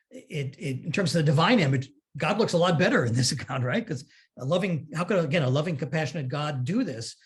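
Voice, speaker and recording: A man serving as a rabbi, his voice sitting a little higher than most men's. He explains scripture in a relaxed interview, turning lively when he acts out old stories, and laughs easily. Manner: thoughtful, animated when retelling stories, laughs often.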